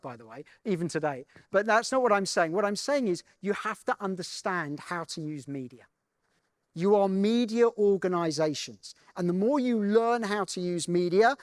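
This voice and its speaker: A man's voice: high-pitched, no room sound, studio quality. A man giving a conference keynote, telling a story in a conversational way and often checking in with the audience. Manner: conversational, keeps checking in with "right?". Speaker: keynote speaker. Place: conference main stage.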